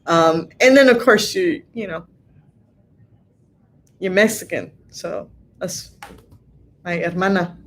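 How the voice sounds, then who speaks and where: A middle-aged woman from Southern California hosting a live stream, chatting casually as she reads viewer comments, laughing often and filling pauses with lots of ums. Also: lowish voice.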